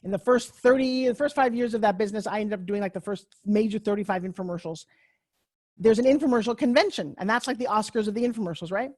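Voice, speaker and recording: Her voice is medium in pitch, fast, and a little mellow, with no echo in the room. A middle-aged woman with a Long Island New York accent, she gives a personal storytelling talk on a video call through a computer mic, telling her life story brashly, candidly, and self-mockingly while swearing freely.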